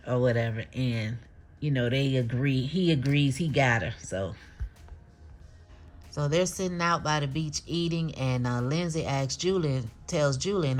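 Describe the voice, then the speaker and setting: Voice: medium pitch, unhurried. Casual TV recap, chatty, blunt opinions, quotes the characters, frequent chuckles, mid-range voice. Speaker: TV show recapper.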